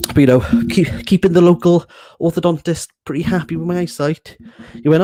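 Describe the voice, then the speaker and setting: Brisk and on the high side, this young Welshman's darkish voice swings widely in pitch, with slight background noise behind it. A book vlogger, he shows off his bookshelf from a small home box room, joking, rambling and laughing at his own expense.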